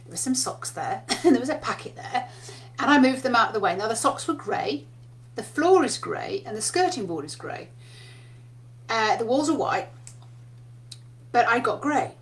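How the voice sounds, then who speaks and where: Spiritual teacher, a woman with a fairly high voice who talks in a chatty storytelling way. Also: sing-song, normal speed, pauses often. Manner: chatty storytelling, laughs often. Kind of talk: casual spiritual talk.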